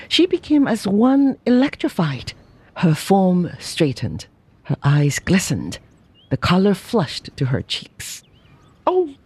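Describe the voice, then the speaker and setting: Slow, mellow audiobook narrator. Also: medium pitch, husky, no echo. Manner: slow, measured storytelling. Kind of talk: scripted narration.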